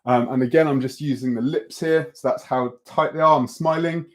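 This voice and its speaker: A young man leads a beatbox workshop in a relaxed, encouraging way. He pauses often with ums and uhs and restarts his sentences. His voice sits at an ordinary middle pitch. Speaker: beatbox teacher. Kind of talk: online workshop lesson.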